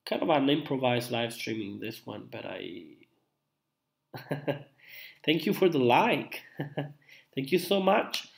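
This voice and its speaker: A young man chats with his live-stream viewers while he is feeling unwell. His voice sits at an everyday middle pitch. He rambles, backtracks and fills the pauses with ums and uhs. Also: expressive, gravelly. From Italy. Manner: chatty, rambling, with many fillers and restarts. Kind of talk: casual live-stream chat.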